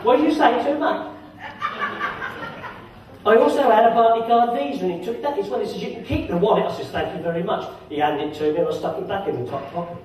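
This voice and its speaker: High-voiced magician on an echoey stage. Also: male voice, fast talker, long pauses, darkish tone. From England. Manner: chatty, jokey banter with audience. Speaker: magician and comedian. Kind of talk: stand-up comic storytelling on stage. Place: holiday village entertainment venue. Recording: very echoey hall, distant, crowd noise.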